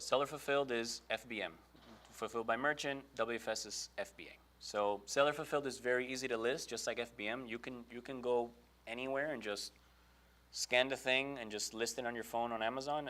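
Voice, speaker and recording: A man's voice: medium pitch, fairly bright tone. Chatty man giving a casual webinar talk. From Brooklyn, New York. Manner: chatty, filler-heavy, acts out quoted exchanges. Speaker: presenter on online selling.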